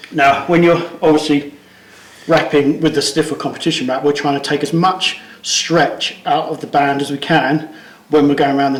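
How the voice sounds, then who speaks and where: A man with a fairly high voice walks through a demonstration step by step, his phrases often trailing off softly. He sounds slightly out of breath from the physical work. The room around him is noticeably echoey. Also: slight background noise. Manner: instructive, step-by-step, trails off quietly at phrase ends. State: out of breath from pulling. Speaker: strength coach. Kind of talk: hands-on demonstration.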